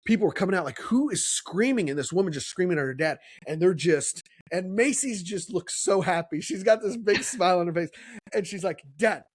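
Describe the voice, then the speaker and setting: A man's voice: high-pitched, a little fast, no room sound. A middle-aged man, a podcast co-host, telling a story in casual chat and acting out the voices he quotes.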